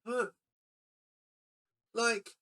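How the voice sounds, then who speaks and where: A man co-hosts a relaxed film podcast from a recording room, walking through scenes and performing them in goofy voices. He talks very slowly with a sharp tone.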